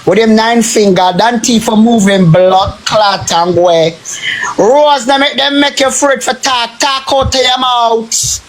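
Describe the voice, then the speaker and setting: High-voiced Jamaican man ranting hotly. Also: a little slow. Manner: heated, repetitive, heavy swearing. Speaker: social media live streamer. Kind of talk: angry live-stream rant.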